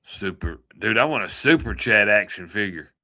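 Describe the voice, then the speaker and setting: A man's voice: fairly low pitch, animated, moderate pace, pushed and bright. A man hosting a livestream, rambling through a joking, folksy sign-off chat. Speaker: livestream host.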